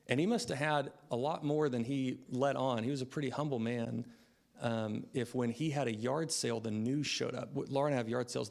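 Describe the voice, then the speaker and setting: Gravelly-voiced man giving a eulogy. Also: medium pitch. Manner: unhurried, reflective, with frequent "um" fillers. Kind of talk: funeral eulogy, personal storytelling. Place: funeral service.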